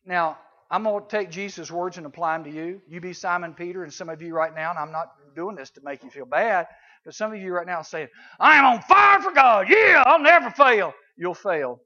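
High-voiced man preaching to young teens. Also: fairly quick. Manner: conversational, swings between loud and hushed. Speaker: youth preacher. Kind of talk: sermon to junior high students. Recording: dull lo-fi recording.

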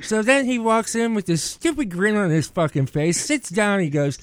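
A man's voice: high-pitched, normal speed, hardly any pauses, clean tone, no room sound. A man, hosting a podcast and telling a rambling, profane story. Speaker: podcast host. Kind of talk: casual chat.

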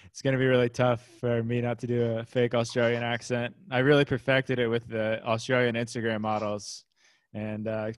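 A man hosting an interview podcast, talking in a chatty, relaxed way with plenty of fillers. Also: medium pitch. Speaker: podcast host.

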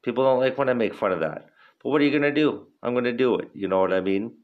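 A man's voice: medium pitch, animated, fast, phone-quality sound. A young man hosting a podcast in a casual, rambling way, swearing a lot and filling his talk with "like" and "you know". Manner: profane, laid-back rambling with lots of fillers. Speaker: podcast host.

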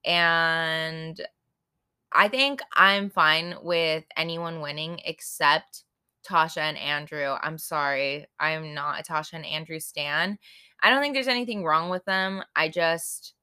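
Bright-voiced young woman rambling on a podcast. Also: low voice, a little slow, clean tone. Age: 20s. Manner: rambling, full of "like" and "I don't know"; frank and playful, swears freely. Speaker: podcast host. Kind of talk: casual solo podcast chat.

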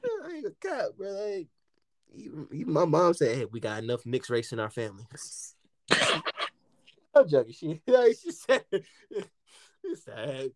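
A man from the United States hosting a casual podcast chat, telling stories in an animated way with lots of slang and swearing and acting out what people said. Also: a little high, slow pace, long pauses, no room sound. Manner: animated storytelling, heavy slang and swearing, acts out quotes. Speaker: podcast host.

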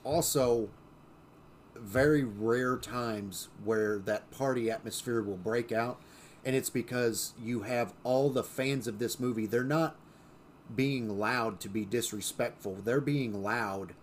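A man of middle pitch co-hosts a casual podcast conversation. He tells stories loosely, full of "uh"s, "you know"s and restarts. A faint hiss sits under the recording. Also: slow pace. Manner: storytelling, many fillers and restarts. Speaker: podcast co-host. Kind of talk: casual chat.

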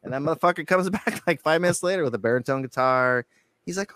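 A man telling a profane, animated story as a guest on an interview show, acting out quotes. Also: on the high side, quick pace, dry recording, studio quality. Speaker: guitarist guest.

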